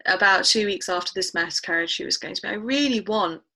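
A woman's voice: mid-range voice, brisk, gravelly, sharp tone, rough recording. A woman, candidly retelling a painful personal story in a podcast interview. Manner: candid, emotional retelling with quoted dialogue. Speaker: guest.

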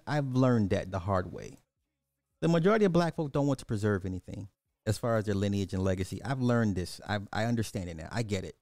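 Ranting middle-aged man with a dark voice. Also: on the low side, no room sound, clean studio sound. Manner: ranting, blunt and profane, repeats himself for emphasis. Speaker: livestream host. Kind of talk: casual livestream commentary.

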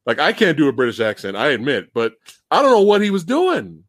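A man hosting a casual livestream movie chat, talking in an animated, emphatic way and laughing often. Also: a little high, a little fast, no room sound, studio quality. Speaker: show host.

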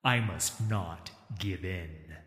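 A man voicing a weary, stoic warrior who speaks in a low, grave way. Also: very slow, fairly bright tone, echoey room, big-room sound, heavily acted. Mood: grim. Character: weary man, a lone spirit walker, stoic.

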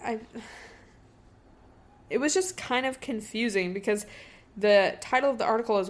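A woman's voice: on the high side, moderate pace, pauses often. A young woman hosting a casual solo podcast, thinking aloud in a rambling way with lots of fillers. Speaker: podcast host.

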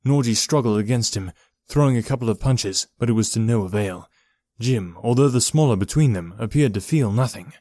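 A man giving a steady, measured reading of a horror story as narrator. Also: mid-range voice, dry recording, studio quality. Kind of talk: scripted horror audiobook narration.

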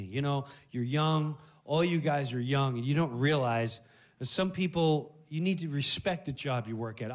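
A man doing a preachy, self-important store clerk. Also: lightly acted. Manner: lecturing, low and preachy. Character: stern, self-important male hardware clerk.

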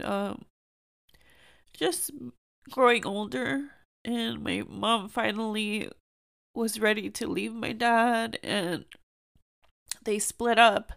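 A woman's voice: a little high, creaky, a bit bright, no room sound. A young woman hosting a podcast, speaking earnestly and emotionally in a personal monologue, at times close to tears. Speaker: podcast host.

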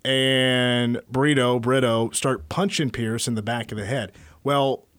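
Chatty sports radio host, dry close mic. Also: male voice, mid-range voice, slow pace, dry recording. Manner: storytelling, animated retelling. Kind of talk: casual sports talk.

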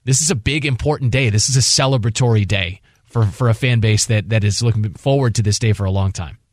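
A man's voice: fairly low pitch, a little fast, a little mellow, dry recording, studio quality. A man hosting a sports radio show, talking passionately and rambling with restarts. He grew up in the Washington D.C. area. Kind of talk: casual sports talk.

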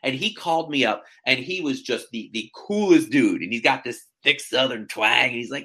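Animated, swooping real estate agent. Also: mid-range voice, normal speed, hardly any pauses, slightly rough. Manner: animated storyteller, many fillers and restarts. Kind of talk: casual podcast chat.

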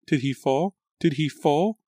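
A man voicing an anxious young woman in an audiobook, breathless and hushed. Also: mid-range voice, lively intonation, a little slow, no room sound, clean studio sound, pitched above the performer's own voice, lightly acted. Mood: stunned. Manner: hushed, then breathless and repetitive. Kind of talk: audiobook character voice.

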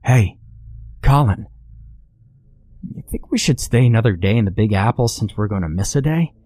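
A male narrator voicing an excitable young man on a bus trip who talks eagerly and yells when alarmed. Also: fairly low pitch, normal speed. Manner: eager, then alarmed yelling.

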